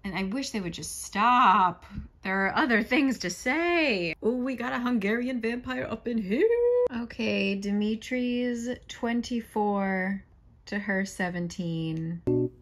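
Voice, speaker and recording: A woman's voice: mid-range voice, fairly bright tone. A young woman chatting casually in a book vlog, frank and exasperated, with lots of filler words. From living in Korea. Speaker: book vlogger. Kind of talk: casual reading vlog chat.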